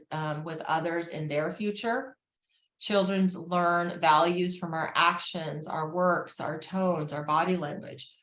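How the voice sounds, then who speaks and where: A woman therapist giving a calm, measured educational talk on family relationships, with frequent fillers. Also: low-pitched, roomy sound.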